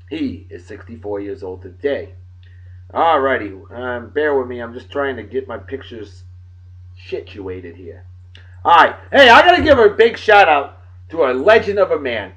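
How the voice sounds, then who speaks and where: A man hosting a daily beer and song show in a rowdy, casual way, loud and excitable, swearing and joking, swinging from shouting to muttering. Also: medium pitch, measured pace, poor audio.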